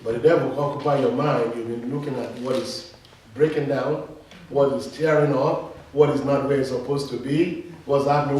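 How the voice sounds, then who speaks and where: A man's voice: medium pitch, fairly even intonation, normal speed, darkish tone. A male pastor preaching a sermon, emphatic and leading his congregation in call-and-response. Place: church. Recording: echoey hall, mic from far off.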